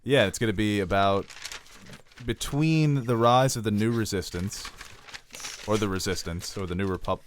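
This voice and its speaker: A man co-hosting a podcast in casual chat, telling animated stories and swearing often. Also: lowish voice, normal speed, slight background noise. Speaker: podcast co-host.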